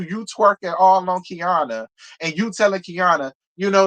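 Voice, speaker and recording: A man recapping reality TV live, his voice sitting a touch higher than most men's. He talks in a loose, gossipy, profane way, full of laughs and pointed asides. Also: moderate pace, fairly bright tone. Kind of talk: casual live review commentary.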